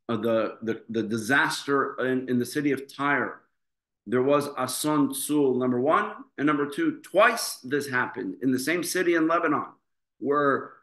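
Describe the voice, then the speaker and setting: A man's voice: mid-range voice, a bit bright. A man speaking as a rabbi, giving an earnest memorial Torah lesson with emphatic rhetorical questions. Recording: echoey room.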